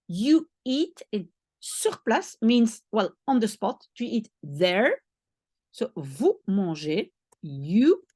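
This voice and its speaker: A Belgian woman with a Dutch first language teaches French to a beginner, speaking slowly and patiently and repeating each phrase. Her voice sits fairly high and swings widely in pitch. The sound is close and dry, with no room in it. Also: dark tone, dry recording.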